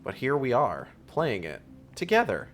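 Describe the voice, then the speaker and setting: A man's voice: mid-range voice, huge pitch swings, normal speed, fairly bright tone. A man streaming a video game, chatting casually and sarcastically, swearing and reading on-screen text aloud. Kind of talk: casual gameplay commentary.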